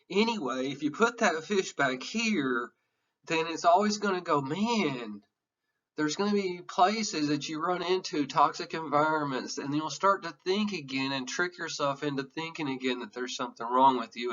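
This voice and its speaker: A man's voice: a little high, measured pace, a bit bright, far from the mic, dull audio. A man giving an emotional, earnest classroom lecture, candid and sometimes swearing. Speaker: teacher.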